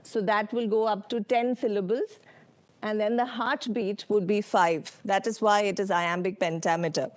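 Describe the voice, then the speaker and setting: A woman with an Indian English accent presenting a lecture with slides, unhurried, with many ums and uhs and questions to the audience. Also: medium pitch, steady tone, no echo. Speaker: workshop speaker. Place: conference hall.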